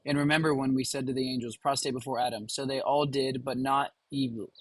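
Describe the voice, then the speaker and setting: A man's voice: mid-range voice, fairly even intonation, a little fast, breathy edge, poor audio. A man hosting a live watch party, reading a passage aloud with casual asides to viewers. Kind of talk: live stream commentary.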